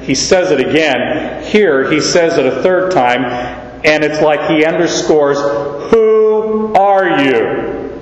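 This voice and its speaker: Slow, deliberate male preacher in echoey hall. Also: fairly high pitch, slight background noise. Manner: slow, deliberate teaching with emphatic repeated quotes. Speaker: pastor. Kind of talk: expository sermon. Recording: echoey hall, dull lo-fi sound.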